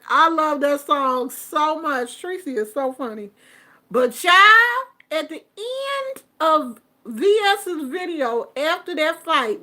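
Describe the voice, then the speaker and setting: A middle-aged woman, her voice high and bright as she talks in an unhurried way. She gives casual vlog commentary, animated and chatty, breaking into laughs and snippets of song. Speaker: vlogger commenting on online drama.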